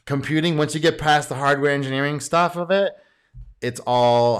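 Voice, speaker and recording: A man's voice: on the high side, expressive, moderate pace. A man hosting a programming course, chatting casually and laughing as he comments on archive interview clips. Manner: chatty, laughing asides, self-correcting.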